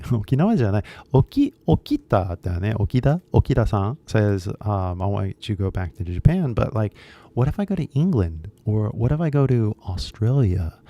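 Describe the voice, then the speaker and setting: A man's voice: fairly low pitch, warm tone. A man with a Californian accent, talking bluntly and rambling to viewers of his English-teaching channel, mixing in some Japanese. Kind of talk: casual talk to viewers.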